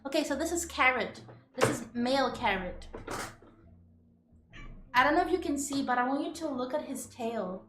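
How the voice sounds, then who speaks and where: A woman's voice: high-pitched, expressive, moderate pace, pauses often, background noise. A young woman streaming from home, chatting casually and gushing in giggly baby talk to her cats.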